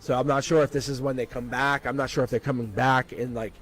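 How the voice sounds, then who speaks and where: Blunt, animated male tarot reader. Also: medium pitch, fast talker, soft background music, low-quality recording. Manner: blunt, animated, laughs often, acts out quoted lines. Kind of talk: live tarot reading stream.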